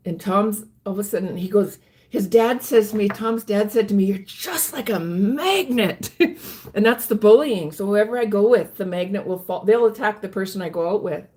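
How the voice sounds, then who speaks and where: Woman vlogger, earnest storyteller, halting delivery, mid-pitched voice. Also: steady tone, dark tone. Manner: halting, earnest, many restarts. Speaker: vlogger recounting her life. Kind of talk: personal storytelling.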